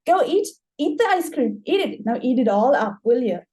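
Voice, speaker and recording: A woman plays a hostile suburban hostess with a raised, mellow voice, alternating between contempt and syrupy politeness. She sounds like a tabletop game character spoken aloud at the table. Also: high voice, sing-song, normal speed. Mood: scornful. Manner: sneering, then sickly-sweet. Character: passive-aggressive hostess, adult woman, snaps then turns sugary.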